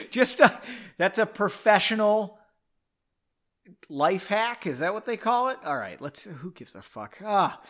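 Fairly high-pitched and a bit bright, this American man is reading a book aloud casually, whiskey in hand. Between passages he rambles on with asides and swearing.

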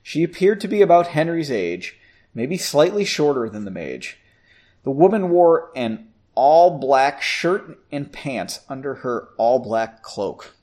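Man reading fiction casually, expressive pitch, stops to joke about the prose. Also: unhurried. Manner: self-correcting, mocks the text. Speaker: reader. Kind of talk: casual fiction read-aloud.

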